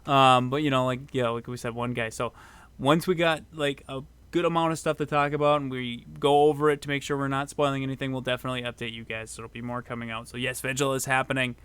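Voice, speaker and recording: Easygoing man with a smooth, dry voice. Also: mid-range voice, fast, no room sound. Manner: loose, filler-heavy, excitable. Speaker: podcast co-host, mod maker. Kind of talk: casual podcast chat.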